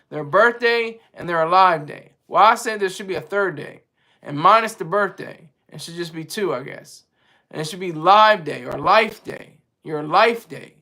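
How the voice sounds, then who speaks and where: High, bright-voiced rambling man. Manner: rambling and opinionated, searching for words mid-sentence. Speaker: live-stream host answering chat. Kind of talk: casual monologue.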